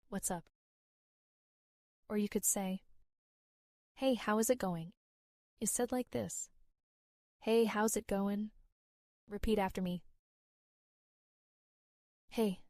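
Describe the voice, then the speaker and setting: An American woman gives an English lesson in a slow, deliberate way, repeating each phrase so learners can follow. Her voice is mellow and warm. It is recorded close on a dry mic with no room sound. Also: mid-range voice, no room sound. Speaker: English teacher.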